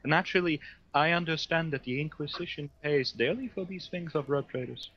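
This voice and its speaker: A man's voice: fairly high pitch, a little fast, highs cut off. Haughty man playing a psyker. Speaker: player. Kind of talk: tabletop role-play in character as a psyker.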